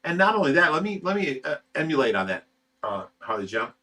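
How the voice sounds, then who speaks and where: A man's voice: on the high side, big pitch swings, fairly quick, sharp tone, recorded from a distance. A man hosting a livestream, chatting casually and reading viewer comments in a blunt, rambling way, swearing freely. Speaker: livestream host reading chat.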